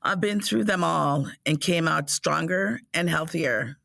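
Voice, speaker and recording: Woman, podcast host, scripted intro, gravelly, dry, measured, soft music. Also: low-pitched, dry recording. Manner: slow, measured, reflective. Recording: music bed underneath.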